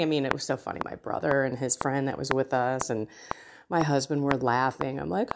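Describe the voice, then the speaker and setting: A middle-aged woman hosting a faith podcast, talking earnestly about her prayer life with personal stories and soft asides. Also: rumbling low, moderate pace, background noise. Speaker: Catholic podcast host. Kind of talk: reflective faith talk.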